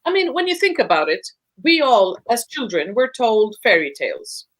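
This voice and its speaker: A woman with a somewhat high voice explains how relationships work on a podcast. She talks in an emphatic, teacherly way and stacks words into lists to drive each point home. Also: very animated, normal speed. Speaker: guest speaker on relationships.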